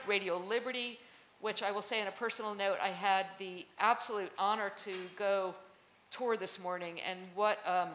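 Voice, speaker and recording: A woman hosts a conference panel, her voice crisp and bright at a mid pitch. She talks in a chatty way, full of ums and restarts, as she introduces the guests to a live audience in a hall. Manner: chatty, filler-heavy introductions. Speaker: panel moderator.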